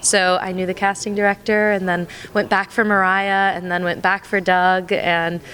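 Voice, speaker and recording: A woman's voice: mid-range voice, flat delivery, moderate pace, fairly bright tone. A young woman in her twenties from Colorado, an actress giving a bubbly press interview and laughing often. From Colorado, USA.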